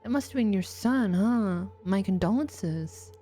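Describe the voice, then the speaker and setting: A woman's voice: mid-range voice, expressive, unhurried, dark tone, faint music behind. A woman streaming a story game, reading its dialogue aloud in character voices and laughing at her own delivery. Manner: reads game lines in put-on character voices, laughing at herself. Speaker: VTuber streamer.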